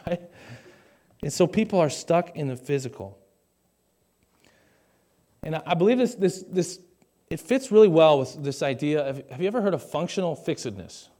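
A man's voice: fairly high pitch, animated, normal speed, pauses often, mellow. A young man preaching a conversational sermon to a live congregation on a stage mic, with jokey asides and questions to the audience. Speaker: pastor.

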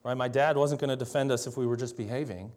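A man's voice: medium pitch, steady tone, fast, a little mellow. Man preaching in a chatty storytelling way. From Minnesota, US. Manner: conversational storytelling, tag questions and laughter. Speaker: pastor. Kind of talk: sermon.

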